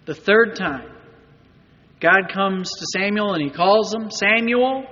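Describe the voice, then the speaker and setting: A man's voice: high voice, unhurried, bright, forceful tone, big-room sound, dull audio. A man preaching a sermon as pastor, in a conversational manner that often asks the congregation rhetorical questions.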